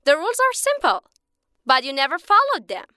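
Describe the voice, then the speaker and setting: A woman's voice: sits high, very animated, a little fast, pushed and bright, no room sound, studio quality, pitched above the performer's own voice, full character voice. A woman voicing a small magical bird that speaks with patient, lecturing wisdom. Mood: earnest. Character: small magical talking bird, wise and calm.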